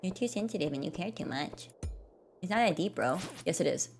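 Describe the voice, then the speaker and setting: A woman's voice: on the low side, expressive, a little fast, over music. Rambling, jokey young woman gamer. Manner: rambling, jokey, self-deprecating. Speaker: gaming streamer. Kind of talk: casual gameplay commentary.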